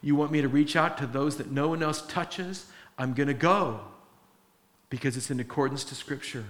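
A man's voice: a little high, moderate pace. A man preaching a sermon, retelling a story with acted-out quotes and earnest, emphatic teaching. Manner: animated storytelling, acting out quoted voices. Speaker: pastor.

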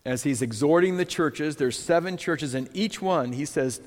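Male pastor, sermon, slightly higher voice, storytelling tone, long church reverb. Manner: conversational storytelling, scripture read slowly. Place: church sanctuary.

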